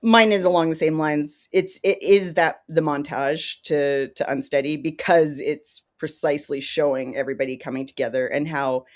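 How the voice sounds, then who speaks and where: A woman with a notably low voice co-hosts a relaxed chat podcast. She lays out her views in a measured, thoughtful way and joins in the banter. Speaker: podcast co-host.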